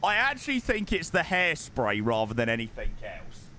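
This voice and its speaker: A man's voice: medium pitch, huge pitch swings, moderate pace, bright, forceful tone, a little hiss or hum. A young man streaming a flight sim, chatting casually with his chat and calling people mate, his voice strained because he is losing it.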